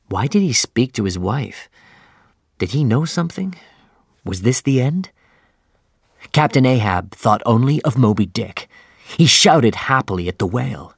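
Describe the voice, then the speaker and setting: Slow, gravelly male audiobook narrator. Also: mid-range voice, animated, no room sound, studio quality. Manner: measured, plain storytelling.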